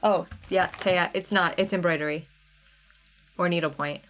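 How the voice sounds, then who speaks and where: A woman's voice: fairly low pitch, steady tone, moderate pace, a bit bright. Chatty woman hosting a live sale. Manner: chatty, reads out viewer names and chat comments. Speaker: livestream sale host. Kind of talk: casual live sale chat.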